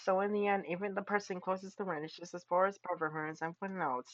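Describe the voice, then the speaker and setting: A man reading a visual novel aloud as a game streamer, breaking off to yell and laugh at the story. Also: high-pitched, fast, hardly any pauses, no echo, dull audio. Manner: animated, yells and laughs in reaction.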